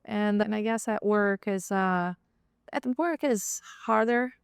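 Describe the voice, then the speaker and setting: A woman's voice: mid-range voice, takes it slowly, vocal fry, smooth, dry recording, clean studio sound. A woman who is a podcast guest, talking reflectively and a little hesitantly in a casual roundtable chat. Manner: reflective, hesitant, with frequent ums.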